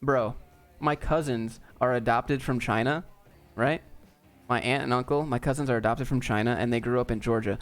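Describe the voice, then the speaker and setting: Male streamer, mid pitch, smooth voice, casual and wisecracking. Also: moderate pace, faint music behind. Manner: laid-back, joking, off-the-cuff. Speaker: streamer answering viewer chat. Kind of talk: casual live chat Q&A.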